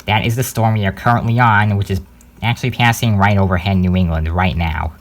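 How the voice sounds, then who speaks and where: A young man hosting a home-made channel news update, talking casually with many fillers and hesitant pauses. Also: lowish voice, steady tone.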